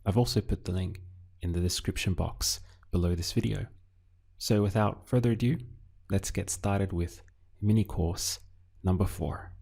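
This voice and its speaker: A man teaching a recorded language lesson, asking slow, deliberate questions and pausing for the learner to answer. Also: low voice, creaky, darkish tone, slightly rough. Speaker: Spanish teacher.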